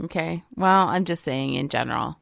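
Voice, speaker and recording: A woman's voice: deep voice, expressive, normal speed, gravelly, no echo, clean studio sound. A woman co-hosting a podcast, explaining tips and teasingly arguing back in casual chat. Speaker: podcast co-host.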